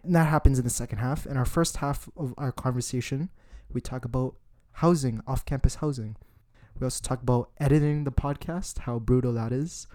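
A young man talking freely on a student podcast, his voice sitting at an ordinary middle pitch. He fills his sentences with casual fillers, and the sound is dry and close in a residence room. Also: fairly quick, darkish tone, no room sound. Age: young adult. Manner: chatty, leans on filler "like". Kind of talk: casual chat.

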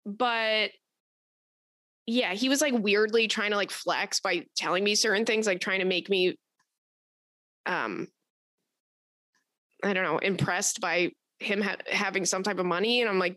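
Blunt, bright-voiced woman podcast host. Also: mid-range voice, a little slow, long pauses, no echo. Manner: blunt, profane and animated. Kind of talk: casual storytelling chat.

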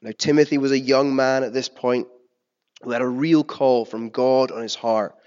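A man preaches a sermon in a relaxed, conversational way, with fillers, restarts and wry asides about himself. His voice sits at an ordinary pitch. It comes through muffled, with a long echo filling a large hall. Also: normal speed. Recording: dull sound with long reverb in a hall.

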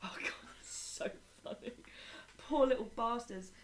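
A woman's voice: a little high, measured pace, background noise. Chatty young woman telling stories. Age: young adult. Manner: chatty storyteller, acts out voices, swears lightly. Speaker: English teacher, interviewee. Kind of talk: casual podcast interview. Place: Madrid.

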